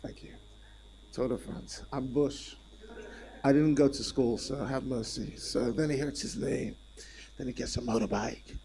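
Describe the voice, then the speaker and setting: A man preaching a sermon as a visiting speaker, telling a story in an animated and self-deprecating way. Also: medium pitch, unhurried.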